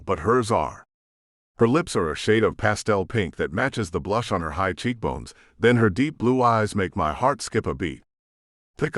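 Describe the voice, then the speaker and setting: A man narrates a romance audiobook in first person, with a deep voice that swings expressively. The recording is close and dry, with no room sound. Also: no room sound. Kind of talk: scripted narration.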